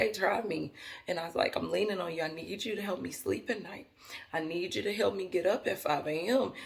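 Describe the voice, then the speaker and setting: A woman's voice: fairly low pitch, vocal fry. A woman vlogger talking casually and earnestly to her viewers, rambling with frequent restarts as she speaks to them directly. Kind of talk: casual talk to camera.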